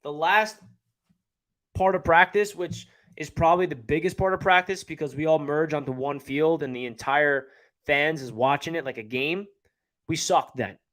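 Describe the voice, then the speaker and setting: A man's voice: a little high, normal speed, fairly bright tone. A man with a New York area accent hosting a casual live stream, chatting and answering viewer comments as he reads them. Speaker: livestream host.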